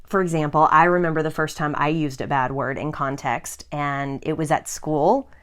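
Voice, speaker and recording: Laughing, animated woman storyteller. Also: low-pitched, normal speed, smooth. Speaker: podcast co-host. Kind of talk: casual storytelling chat.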